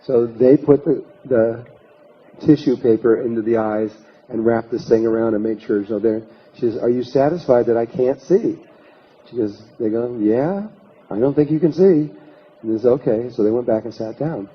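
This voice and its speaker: This is a storytelling lecture from a male workshop speaker whose mid-range voice is slightly rough and paced at a normal speed. He relates a lengthy anecdote, acting out people's words and frequently starting over. The recording sounds dull and lo-fi.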